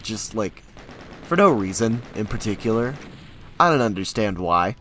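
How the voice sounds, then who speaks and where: A young man chatting casually to his stream audience, rambling with sudden loud, animated bursts. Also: on the low side, normal speed, a little hiss or hum. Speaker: streamer and hobby actor. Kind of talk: casual chat to a live stream.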